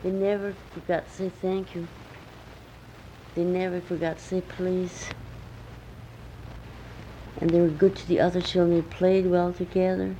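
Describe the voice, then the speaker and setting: A woman's voice: fairly low pitch, flat delivery, a little slow, long pauses, dark tone, slight background noise, rough recording. Grandmother telling a bedtime story. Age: older. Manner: homely, chatty asides to the child.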